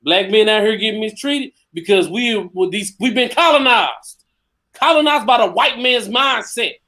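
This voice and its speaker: Male podcast co-host, higher pitch, argumentative, joking, insistent. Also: normal speed, bright, forceful tone. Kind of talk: casual debate chat.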